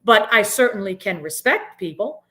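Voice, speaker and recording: A middle-aged woman speaks in an earnest, emphatic way as a podcast guest. She often ends her points with "right?". Her voice sits at an ordinary middle pitch. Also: very animated, moderate pace, a bit bright. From Boston area, US. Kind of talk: reflective interview talk.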